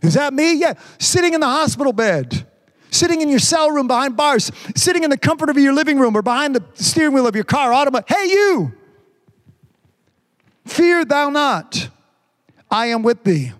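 A man preaching a sermon, reading scripture slowly and stretching the words, with frequent amens. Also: very high-pitched, animated, big-room sound. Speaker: pastor.

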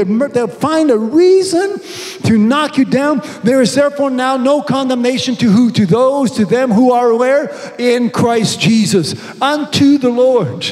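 A man preaching a sermon to a congregation, asking rhetorical questions and reading scripture slowly with emphasis. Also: extremely high pitch, darkish tone. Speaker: pastor. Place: church hall. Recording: long reverb from a large hall.

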